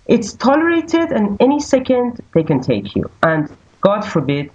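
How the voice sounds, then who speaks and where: A woman speaks earnestly, often pausing with fillers as she hunts for the right word. Her pitch swings widely up and down. The recording sounds dull and lo-fi. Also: wildly swooping pitch, darkish tone. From Iran. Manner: earnest, searches for words with many fillers. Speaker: guest. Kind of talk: casual conversation. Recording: dull lo-fi audio.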